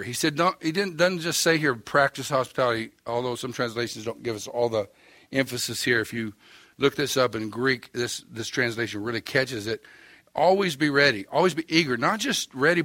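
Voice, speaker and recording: During his sermon, an older Oklahoma-accented pastor spins a story with folksy, wry humor at his own expense. His mid-range voice has a sharp tone and a moderate pace, recorded with no room sound.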